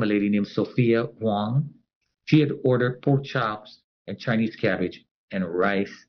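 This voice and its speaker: A man's voice: lowish voice, highs cut off. A man telling a personal story as an interviewee. He talks animatedly and acts out the other people's voices.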